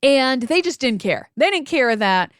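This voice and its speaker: A woman in her thirties, a podcast co-host, telling a story in a casual faith chat, animated and laughing often. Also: high-pitched, measured pace, no echo, clean studio sound.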